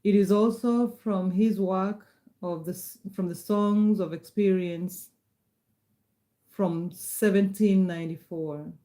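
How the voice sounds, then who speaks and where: A middle-aged woman hosting a live stream, chatting haltingly between poems and then reading them aloud. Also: medium pitch, steady tone, mellow. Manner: halting, hesitant, many fillers and restarts between poems. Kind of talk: casual live-stream chat and poetry reading.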